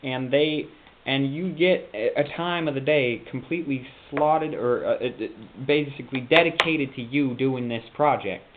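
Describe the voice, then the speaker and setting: A young man vlogging in a rambling, halting monologue, slipping into a put-on Southern drawl. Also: medium pitch. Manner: meandering, self-interrupting, halting. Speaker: YouTube vlogger. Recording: phone-like lo-fi with faint hiss.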